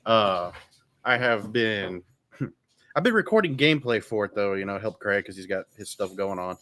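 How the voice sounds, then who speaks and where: A man's voice: on the low side, expressive, moderate pace, fairly bright tone. A man guesting as co-host, rambling and self-deprecating as he gripes about games. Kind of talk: casual podcast chat.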